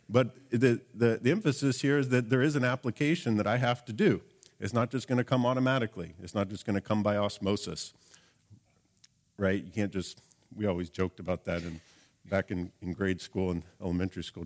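A man preaching a sermon in an earnest tone, his voice sitting a little on the low side. He reads scripture aloud and keeps asking his listeners rhetorical questions. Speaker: pastor.

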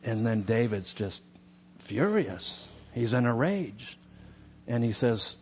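A man's voice: mid-range voice, big pitch swings, slow pace, darkish tone, muffled recording, slight background noise. A man teaching a sermon on scripture in a chatty, conversational way, with many fillers. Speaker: preacher.

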